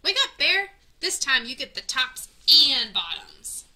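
A woman voicing a clever, cunning male hare in a storybook, calling out cheerfully and loudly. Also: medium pitch, very animated, a little slow, heavily acted. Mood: sly cheer.

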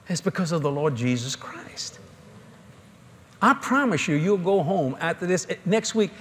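Animated folksy preacher man. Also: fairly high pitch, breathy edge. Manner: folksy, animated storytelling with laughter. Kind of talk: sermon. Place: large convention hall.

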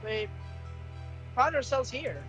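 Low-key teasing woman co-player. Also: sing-song, takes it slowly, a bit bright, faint music behind. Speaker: co-player voicing characters. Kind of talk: let's play voice acting with friends.

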